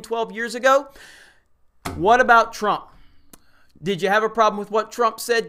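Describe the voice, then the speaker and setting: In a high, fairly bright voice, a male commentary host rants bluntly and heatedly on his online show, offering opinionated commentary.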